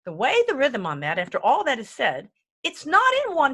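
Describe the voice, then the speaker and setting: A husky, somewhat bright female voice sits high, with wildly swooping pitch and a moderate pace. She is a music lecturer in a laid-back online lesson, cheerfully rambling off topic and counting beats aloud over her keyboard playing, which is faint in the background.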